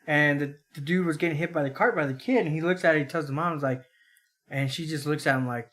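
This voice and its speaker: Male co-host, a bit high-pitched, laid-back rambler. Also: fast talker, a bit bright. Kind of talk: casual chat.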